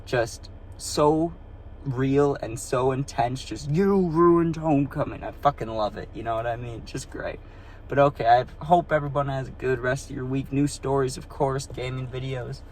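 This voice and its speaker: A man's voice: medium pitch, steady tone, moderate pace, a little mellow, a little hiss or hum. A young man telling a rambling, profane story in a casual vlog, recorded on his phone. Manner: rambling, profane, full of "you know what I mean". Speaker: vlogger.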